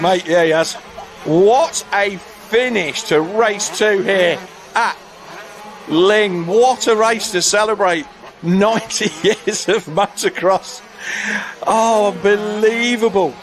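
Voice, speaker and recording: A male commentator calls a motocross race with a high, bright voice. He talks in quick bursts and often sounds out of breath with excitement.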